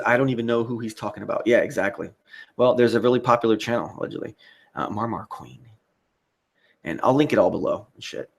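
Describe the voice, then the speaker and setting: An American livestream host with a lowish, slightly rough voice and vocal fry gives rambling, profane commentary. He also reads chat comments aloud.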